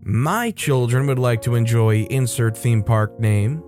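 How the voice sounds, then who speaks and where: A man's voice: mid-range voice, unhurried, a little mellow, faint music behind, lightly acted. A man voicing an entitled, angry mother who huffs and accuses. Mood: demanding. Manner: huffy, accusing. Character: entitled angry middle-aged mother, demanding.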